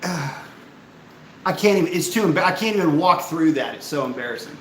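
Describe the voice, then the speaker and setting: A man hosting a casual live stream, ranting in an animated, profane, exasperated way and reading out chat messages. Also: high voice, unhurried, echoey room, a little hiss or hum, poor audio.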